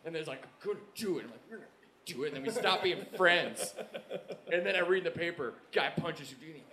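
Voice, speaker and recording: A man's voice: on the high side, animated, fast talker, pushed and bright. A man in his thirties from Canada, rambling through comic stories in casual chat and laughing often. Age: 30s. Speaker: podcast co-host.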